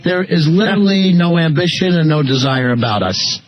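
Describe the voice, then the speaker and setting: Male talk radio host, high voice, dry sarcastic banter with callers; muffled broadcast sound. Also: animated, music in the background. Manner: sarcastic, quick teasing questions to callers. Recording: slightly dull radio broadcast with faint hiss.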